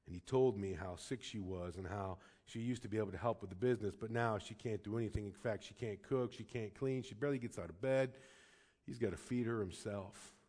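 A man with a fairly low voice, speaking a little fast, preaches a sermon as pastor and tells a personal story. He moves between emphatic stretches and soft, hushed passages, sometimes stammering and starting over.

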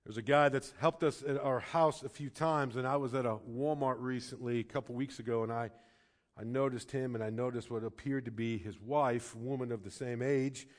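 A man preaching from the pulpit tells a heartfelt story in a mid-range voice. He climbs to loud, stressed passages and drops to near-whispered ones. When moved, he stumbles and repeats words. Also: mid-range voice, fairly even intonation, normal speed. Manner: storytelling, swings from loud emphatic passages to soft hushed ones. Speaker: pastor. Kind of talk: sermon.

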